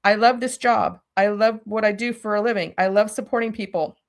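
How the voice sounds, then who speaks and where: A woman telling a personal story as an interview guest, animated and speaking directly to her listeners. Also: mid-range voice, brisk. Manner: animated, talks straight to listeners.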